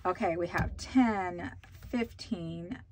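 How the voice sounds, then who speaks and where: A woman's voice: lowish voice, slow, slight background noise. A woman hosting a budgeting vlog, chatting casually with many fillers while counting out cash. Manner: bubbly excited exclamations.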